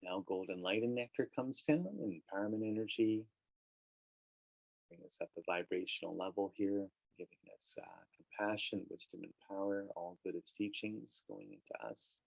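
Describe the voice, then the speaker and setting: A man leading a guided meditation and teaching, speaking in a relaxed, conversational way with casual fillers. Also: deep voice, normal speed, creaky, no echo, low-quality recording.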